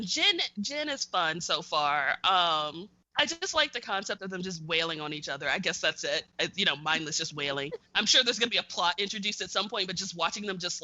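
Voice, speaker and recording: A young woman co-hosting a podcast, telling a story in an animated, excitable way in casual chat. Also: fairly low pitch, fairly quick, few pauses, no echo, dull audio. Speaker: podcast co-host.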